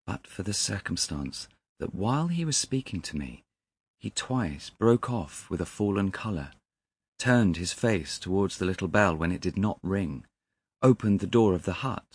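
A man narrating a classic story as an audiobook in a measured, deliberate manner. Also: low voice, breathy edge, no echo.

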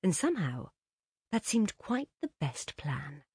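A woman reading a literary story aloud as narrator in an expressive, measured way. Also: fairly low pitch, breathy edge, dry recording, clean studio sound. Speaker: audiobook narrator.

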